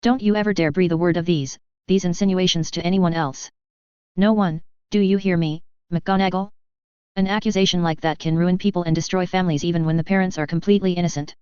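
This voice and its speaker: A woman's voice: fairly low pitch, steady tone, fairly quick, clean tone, dry recording, dull audio, close to an everyday voice. A woman voicing a clever, proud eleven-year-old boy who argues and flares into fury. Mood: furious. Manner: argumentative, lecturing, rising to shouting fury.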